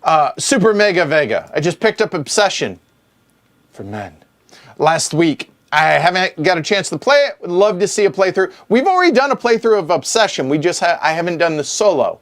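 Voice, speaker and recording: Speaking fairly quickly in a high-pitched voice with big swings in pitch, a board game show host reads chat questions aloud on a livestream Q&A. He answers them with joking asides from his home streaming room.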